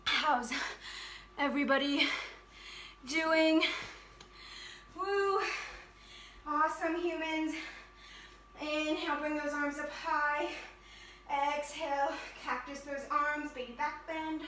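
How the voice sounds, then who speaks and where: A woman leading an energetic yoga fitness class, cheering and counting down reps, slightly out of breath. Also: high-pitched, slow pace, long pauses, a little hiss or hum. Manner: upbeat, encouraging, counts down reps. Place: yoga studio. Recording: echoey room from a distance.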